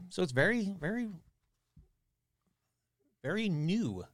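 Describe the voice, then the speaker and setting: A man's slightly high, expressive and fairly bright voice comes through at a moderate pace as he hosts a podcast. He reads a newspaper article aloud casually, pausing for wry, grumbling asides, in a studio-quality recording without room sound.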